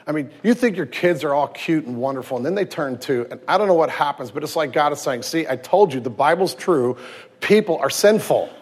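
A man in his thirties, a pastor preaching a sermon with lively storytelling, swinging from loud emphasis to hushed tenderness. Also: a little high, brisk, slightly rough. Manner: acts out quoted voices and anecdotes.

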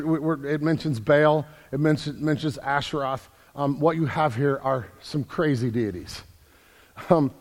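A man preaching a sermon as pastor, building from quiet earnest talk to loud emphatic calls. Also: mid-range voice. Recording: long hall reverb.

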